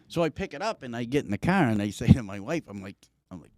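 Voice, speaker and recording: A middle-aged man, a podcast co-host, telling a long story in casual chat, profane and animated, acting out what people said. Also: medium pitch, fast. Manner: animated, profane, acts out quotes.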